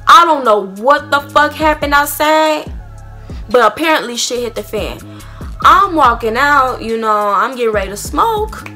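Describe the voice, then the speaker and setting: Animated young woman with a bright, high voice. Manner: animated, profane, acts out quotes. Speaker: vlogger. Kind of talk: casual storytime.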